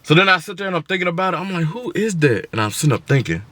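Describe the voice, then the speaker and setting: Man, storytime vlogger in his car, bright lively delivery, dry close sound. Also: sits high, rapid-fire, dry recording. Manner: animated, slangy storytelling with voiced quotes. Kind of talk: casual storytime. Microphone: camera in the car.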